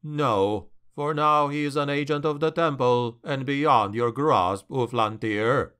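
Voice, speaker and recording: A man voicing a bitter, stern male dark elf devoted to a temple, in a fantasy audiobook. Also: mid-range voice, slow, smooth.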